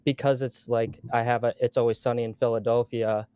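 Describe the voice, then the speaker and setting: A man calling into an online show, speaking in a shy, hesitant way full of fillers. His voice is smooth and clear, with a mid pitch, and the sound is dry and close. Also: flat delivery, a little fast, mellow, no room sound. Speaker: caller, community member. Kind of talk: casual chat.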